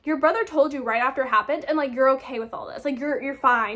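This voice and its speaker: A woman's voice: high-pitched, quick pace, hardly any pauses, bright, forceful tone, a little hiss or hum. A woman in her twenties, a book vlogger, ranting in a casual, exasperated review and swearing freely.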